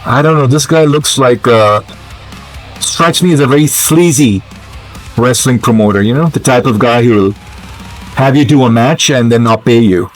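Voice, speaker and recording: A man's voice: medium pitch, moderate pace, soft background music. A man giving casual, musing gameplay commentary, hesitant and full of fillers as he thinks aloud. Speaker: gamer commentator.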